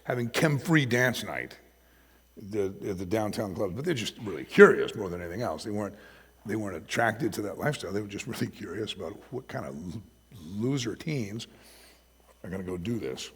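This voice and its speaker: Husky gravelly middle-aged preacher, low voice, swings from quiet to loud, long echo in a big church hall. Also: male voice, lively intonation, brisk. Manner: storytelling, swings from hushed to emphatic. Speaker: pastor. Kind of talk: sermon. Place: church sanctuary.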